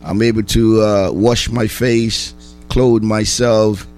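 A man hosting a morning radio program as a chaplain, with a rough just-woken voice and an exhorting, repetitive, preacher-like cadence. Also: fairly low pitch, fairly even intonation, takes it slowly, darkish tone, soft background music.

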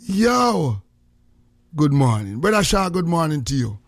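A Jamaican man hosting morning radio, talking in a teasing patois-heavy way with a slightly high voice. The studio sound is very dry and close. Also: big pitch swings, measured pace, no echo. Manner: joking, heavy patois, frequent greetings. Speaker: radio host. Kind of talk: casual morning radio chat.

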